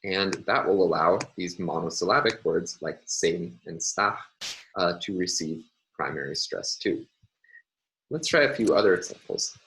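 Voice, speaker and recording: A man giving a recorded university phonology lecture, explaining step by step with frequent "uh" and "um" pauses. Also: low voice, lively intonation, fairly bright tone, low-quality recording.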